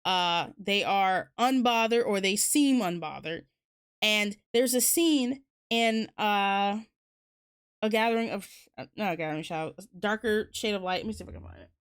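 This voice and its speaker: A woman chatting casually on her stream at a middle pitch. Her talk is candid and loose, full of fillers and restarts, with the occasional swear word. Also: moderate pace, smooth. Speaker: streamer hosting a book talk. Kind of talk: casual chat.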